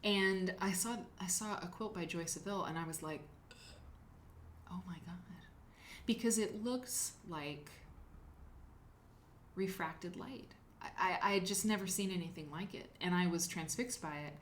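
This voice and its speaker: Low-voiced woman rambling on a livestream, thanking chat, faint room hum behind. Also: unhurried, pauses often. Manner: chatty, rambling, reads chat names aloud. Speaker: host of a live quilting show.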